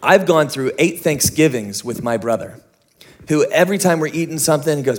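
A young adult man preaching a sermon in a conversational, self-mocking storytelling way, with quick asides. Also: fairly high pitch, lively intonation. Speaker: pastor.

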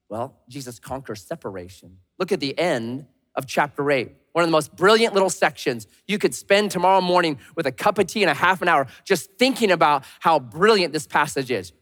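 Male pastor, lively sermon delivery, moving between loud and soft, slightly high voice, long church reverb. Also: a little fast, few pauses. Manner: animated, swings from loud to hushed.

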